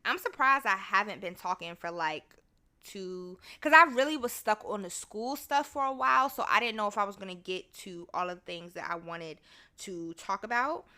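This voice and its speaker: A young adult woman hosts her own solo podcast in a bright, pushed, mid-range voice at a moderate pace. She chats casually and swears freely, occasionally bursting into song.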